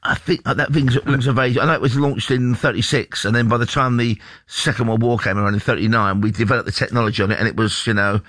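Fast-talking chatty English radio man. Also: mid-range voice, fairly even intonation, fairly bright tone, no room sound. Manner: chatty, rambling storyteller, reads news items aloud. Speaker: radio presenter. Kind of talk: casual breakfast radio chat.

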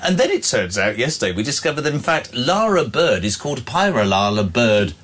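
A man's voice: mid-range voice, sing-song, brisk, a bit bright. A man hosting a radio breakfast show, reading out listener texts in a jokey, teasing, chatty way.

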